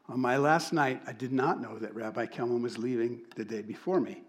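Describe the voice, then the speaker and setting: A middle-aged man preaching, telling a personal story with lively energy and acting out the voices of people he met. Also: mid-range voice. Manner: animated storyteller, acts out quoted voices. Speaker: pastor. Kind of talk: sermon storytelling.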